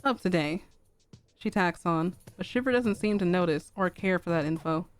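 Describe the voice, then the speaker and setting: A young woman streamer narrating a fanfic aloud in a calm, even reading. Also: on the low side, moderate pace, faint music behind.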